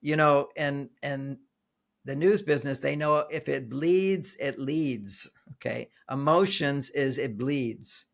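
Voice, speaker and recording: A man's voice: mid-range voice, takes it slowly, vocal fry. An older man, a relationship author, explaining his ideas in an interview with anecdotes, often repeating and restarting phrases.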